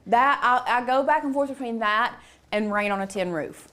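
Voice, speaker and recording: A woman's voice: fairly high pitch, moderate pace, a bit bright, slight background noise. A woman co-hosting a crafting livestream, reading viewer questions and joking about herself. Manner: playful, self-deprecating. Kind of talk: casual chat.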